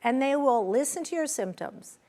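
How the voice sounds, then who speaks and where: Expressive middle-aged woman, bright pitch. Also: moderate pace. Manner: expressive, acts out quoted dialogue with pitch jumps. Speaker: interview guest, menopause advocate. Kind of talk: animated conversational interview.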